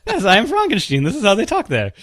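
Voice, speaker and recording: A man's voice: sits high, wildly swooping pitch, fast talker, a bit bright, no echo, clean studio sound, exaggerated voice. Man doing a chirpy mad scientist. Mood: cheery. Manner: bouncy, overly welcoming. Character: cheery male mad scientist, showy host. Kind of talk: comic impression in podcast chat.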